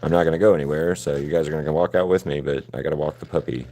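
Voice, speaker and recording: Low-voiced man rambling on a livestream. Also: fairly even intonation, racing, warm tone. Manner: rambling, laid-back and profane. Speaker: artist streaming live while painting. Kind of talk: casual livestream chat with viewers.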